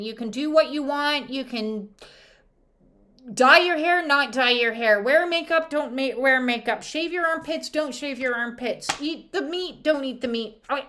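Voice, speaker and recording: A woman oracle reader talks in a chatty, irreverent spiritual monologue, her voice sitting a bit high. She keeps it loose, full of fillers and wry asides. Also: a bit bright.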